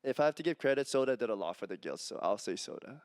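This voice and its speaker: A man speaking as a guest on a live convention panel, lively and laughing easily. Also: mid-range voice, fast, clean tone, dry recording, studio quality. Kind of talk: casual panel chat. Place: convention stage.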